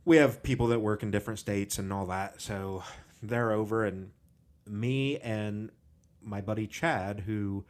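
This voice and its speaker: Low-voiced candid male podcast host. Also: measured pace. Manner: frank, casual, swears freely. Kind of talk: candid conversational podcast talk.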